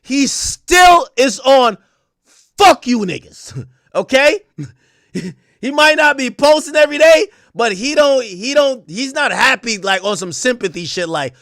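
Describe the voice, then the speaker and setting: A man's voice: extremely high pitch, sing-song, measured pace, a bit bright, dry recording, studio quality. A man hosting a stream, giving heated, casual commentary in an emphatic, slangy way and laughing often. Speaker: streamer host.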